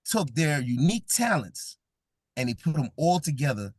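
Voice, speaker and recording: Lively man giving a joking talk. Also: a little high, normal speed, slightly rough, no echo, clean studio sound. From Brooklyn, New York. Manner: joking, audience-engaging, laughs often. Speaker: event speaker. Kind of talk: comedic motivational talk.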